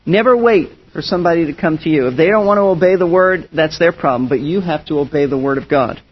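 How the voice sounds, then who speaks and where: Pastor, male, high and husky voice, earnest emphatic sermon delivery, dull lo-fi recording. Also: quick pace. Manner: earnest and emphatic, with frequent restarts. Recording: dull lo-fi sound.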